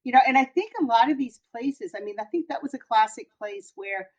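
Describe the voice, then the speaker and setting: A woman's voice: a little high, expressive, brisk, darkish tone. A woman hosting a casual chat, talking loosely and trailing off with fillers. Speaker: host. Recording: dull lo-fi audio.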